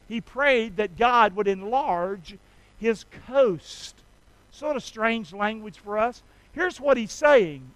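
High-voiced impassioned preacher man. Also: big pitch swings, moderate pace, a bit bright, no echo, low-quality recording. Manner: impassioned, leads congregation in call-and-response prayer. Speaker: pastor. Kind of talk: sermon.

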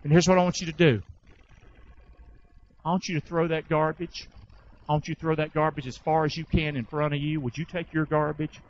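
Man preaching, call-and-response sermon, high voice, muffled church recording. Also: flat delivery, fairly quick, pauses often, a little hiss or hum. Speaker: pastor.

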